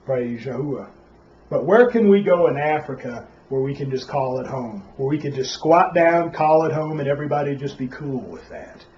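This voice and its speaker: A man's voice: mid-range voice, lively intonation, moderate pace, muffled recording. A man teaching a Sabbath Bible class in a preachy way, often saying "Praise Yah" and asking rhetorical questions.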